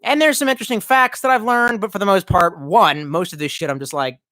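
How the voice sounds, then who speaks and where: A man's voice: sits high, fairly quick, pushed and bright, no room sound. A man rambling through a casual live stream, swearing freely and reacting to viewer comments as he goes. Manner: profane, rambling, reacts to chat.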